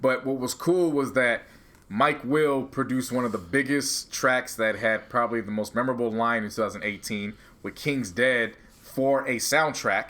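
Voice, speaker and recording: A man's voice: medium pitch, normal speed, a bit bright. A man co-hosting a podcast, casually talking over music reviews and arguing his point at length with restarts. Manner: argumentative, explains at length, trails off in restarts. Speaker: podcast co-host.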